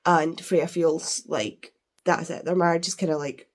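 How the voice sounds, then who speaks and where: A woman's voice: deep voice, steady tone, measured pace. A woman chatting casually while unboxing books, gushing, with lots of fillers. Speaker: book vlogger.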